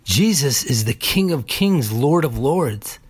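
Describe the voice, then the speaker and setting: A man preaching a sermon deliberately, building emphasis through repeated phrases. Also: mid-range voice, animated, slightly rough. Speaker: pastor.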